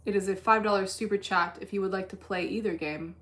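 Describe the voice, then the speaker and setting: Talking fast in a medium-pitched voice, a woman day trades on a laid-back livestream and reads the chat out loud. Her delivery is deadpan and blunt, heavily laced with swearing.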